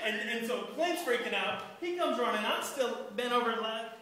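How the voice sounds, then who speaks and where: A speech contest speaker telling a comic story live, animated and laughing along. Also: medium pitch, brisk, a faint crowd. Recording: echoey hall, far from the mic.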